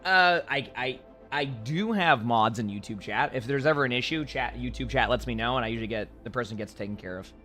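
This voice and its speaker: A man streaming, chatting casually with his live chat in an animated, sarcastic, rambling way. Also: medium pitch, a little fast, faint music behind. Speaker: game streamer.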